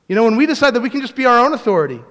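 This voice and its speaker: A man preaches in a loose, conversational way, restarting his sentences and telling small family stories. His voice sits high for a man. The sound carries the long reverb of a church hall. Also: big pitch swings, very fast, a bit bright. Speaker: pastor. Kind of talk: sermon.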